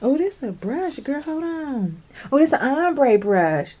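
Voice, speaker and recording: Excitable chatty woman with a higher voice. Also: a little slow, hardly any pauses, dull audio, noisy background. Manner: chatty, excitable, calls viewers girl and y'all, laughs often. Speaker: nail art vlogger. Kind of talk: casual unboxing chat to camera.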